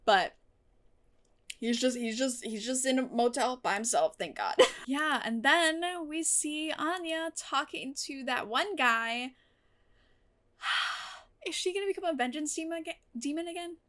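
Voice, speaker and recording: A woman's voice: high-pitched, lively intonation, measured pace, a bit bright. A woman reacting to a TV episode in casual commentary, gushing and emotional, swearing freely. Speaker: TV reaction vlogger.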